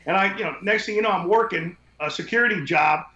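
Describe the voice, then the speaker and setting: A high-pitched, bright, forceful voice at a quick pace carries this podcast guest's casual, meandering storytelling, which is blunt and laced with profanity. He runs a window cleaning business, and the recording is echoey and dull lo-fi.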